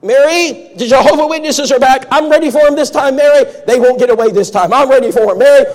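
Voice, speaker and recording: A man voicing an agitated old man who shouts from his window that he is ready for visitors this time. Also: fast. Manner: high, loud, worked-up shouting. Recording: reverberant church hall.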